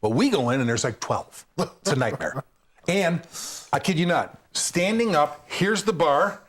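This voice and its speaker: A man's voice: fairly high pitch, a little slow. A man, a stand-up comedian and guest, telling a road story and acting out the people in it. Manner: animated, acts out the people in his stories.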